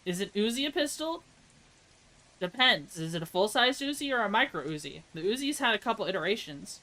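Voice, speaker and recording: A woman's voice: mid-range voice, big pitch swings, fairly quick, bright, forceful tone, rough recording. A woman with an American accent chatting casually on a live stream, reading chat aloud. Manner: chatty, reads chat aloud, laughs at own jokes; tries mock German accent voices.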